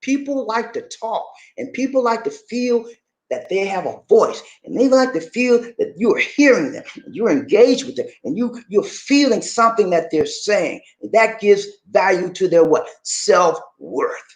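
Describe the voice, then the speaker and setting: Animated man telling advice stories. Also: moderate pace, echoey room. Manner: animated storytelling with swooping pitch. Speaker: relationship video host. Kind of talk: casual advice talk.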